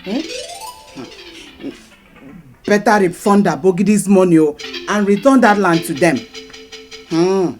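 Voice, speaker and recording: A woman's voice: lowish voice, lively intonation, moderate pace, mellow, faint music behind, lightly acted. An actress playing a firm village wife who scolds her husband, speaking with a Nigerian accent over a film score. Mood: reproachful. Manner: reproachful, soothing.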